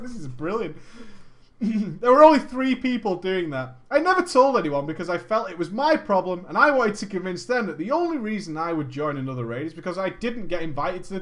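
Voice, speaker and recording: A person reading a gaming story aloud and mocking it, with sarcastic commentary, frequent laughter and swearing. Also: mid-range voice.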